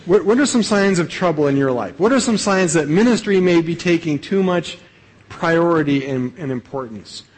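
Husky-voiced male pastor preaching conversationally. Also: a little high, expressive, normal speed, low-quality recording. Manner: conversational preaching, frequent "right?" tags and repeated starts. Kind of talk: sermon.

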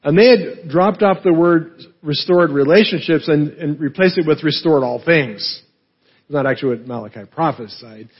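Husky man teaching a sermon. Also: fairly high pitch, normal speed, muffled recording. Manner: explanatory, frequent "right?" and fillers. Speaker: pastor.

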